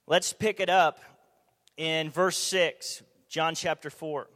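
A man preaching a conversational sermon, animated, asking the audience rhetorical questions, in a church or meeting hall. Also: on the high side, slow pace. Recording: long hall reverb.

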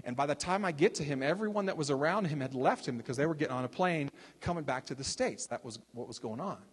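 Older man, ministry leader, lively chatty testimony, a touch high-pitched, long hall reverb. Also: fast, husky. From Texas. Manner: animated, chatty storyteller with many restarts and asides. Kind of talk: casual storytelling testimony.

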